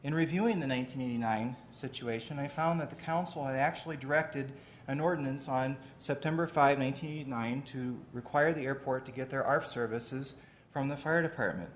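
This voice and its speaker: A man, the mayor, giving a measured, deliberate formal address at a city committee meeting in a council chamber. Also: mid-range voice, slight background noise.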